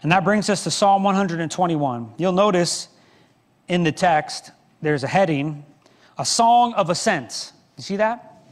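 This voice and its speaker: Middle-aged pastor guy preaching, tells stories w/ self-deprecating jokes, kinda high voice, church reverb. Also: moderate pace. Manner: storytelling with self-deprecating humor. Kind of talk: sermon. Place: church sanctuary.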